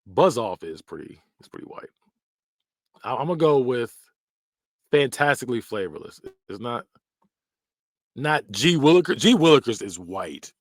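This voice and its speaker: Male podcast host, casual reactive delivery, animated pitch, frequent laughs, dead-dry recording. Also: normal speed, no room sound. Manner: laughs often, slips into exaggerated voices for quoted phrases.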